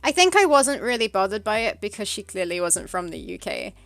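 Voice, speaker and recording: A woman's voice: medium pitch, very animated, brisk, creaky, a bit bright, dry recording, faint music behind. British woman co-hosting a casual stream; rambling, filler-heavy storytelling. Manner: chatty, hesitant storytelling with many fillers. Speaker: streamer co-host. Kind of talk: casual chat.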